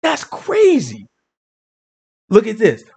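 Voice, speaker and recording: Conversational male preacher, dramatic storyteller, very high, animated voice. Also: takes it slowly, creaky, slightly rough. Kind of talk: casual sermon storytelling.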